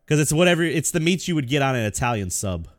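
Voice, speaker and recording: A man's voice: mid-range voice, fast, dry recording, studio quality. A young man co-hosting a podcast, telling stories in casual chat with lots of swearing and laughter. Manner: animated storytelling, swears often, laughs. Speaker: podcast co-host.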